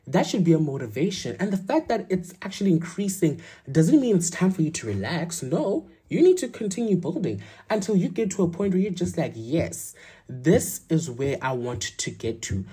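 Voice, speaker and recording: Husky, emphatic motivational woman. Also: on the low side, very animated, brisk, hardly any pauses, mellow. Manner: blunt, emphatic, repeats lines for effect, swears. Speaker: motivational vlogger. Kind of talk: motivational talk.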